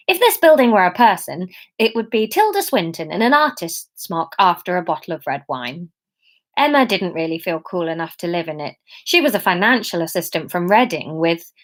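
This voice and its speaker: A woman in her thirties reading her own comic story aloud, chatty, breaking off for asides and self-corrections. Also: fairly low pitch. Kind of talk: unscripted-feeling serial story reading.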